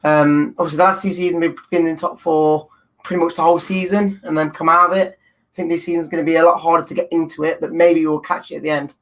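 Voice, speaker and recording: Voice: medium pitch, flat delivery, quick pace, fairly bright tone. A young adult guest fan in casual chat, hesitant and thinking aloud.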